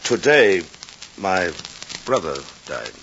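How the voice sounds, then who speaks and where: An actor playing a sly, scheming village man who feigns grief and talks smoothly and evasively, in an old radio drama. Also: deep voice, sing-song, slow pace, fairly bright tone, slight background noise, heavily acted. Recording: dull lo-fi old radio recording.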